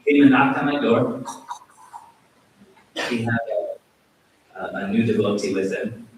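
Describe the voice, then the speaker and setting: A man, a yoga teacher, giving a temple talk as an animated, self-deprecating storyteller, recorded in a very echoey hall from a distant mic with faint hiss. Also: fairly low pitch, measured pace. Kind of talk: sermon with storytelling.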